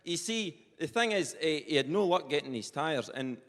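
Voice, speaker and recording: A man's voice: fairly high pitch, lively intonation, normal speed, fairly bright tone. A man with a Perthshire Scottish accent doing live stand-up comedy, chatty and rambling with lots of colloquial asides. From Scotland. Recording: live stage with long hall reverb.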